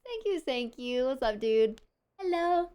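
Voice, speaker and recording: A woman's voice: high-pitched, lively intonation, a little slow, dark tone, smooth. A woman streamer chatting casually and thanking viewers in a bubbly voice. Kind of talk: casual livestream chat.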